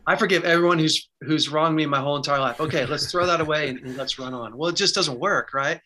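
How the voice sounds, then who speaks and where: A man's voice: fairly high pitch, fast, pushed and bright, slight background noise. A man teaching in a casual, conversational way and sharing his own story, earnest and candid, with short bursts and restarts. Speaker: faith speaker sharing advice.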